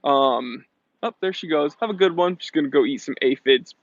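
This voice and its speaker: A chatty American man with a somewhat high voice hosts a relaxed live-stream chat, reading out viewer comments with an upbeat, laughing manner. He is recorded outdoors with dry, close sound. The audio is a little dull and lo-fi. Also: normal speed, no room sound.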